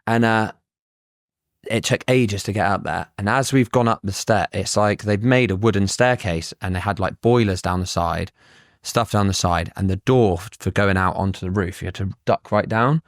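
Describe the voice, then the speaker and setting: A fairly low-pitched man spins lively, swear-filled stories from his surveying work. He talks in a relaxed, casual podcast style. His voice sounds close and dry, with no room sound. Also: normal speed, dry recording. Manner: blunt, swears freely, lively anecdotes. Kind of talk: casual podcast chat, storytelling.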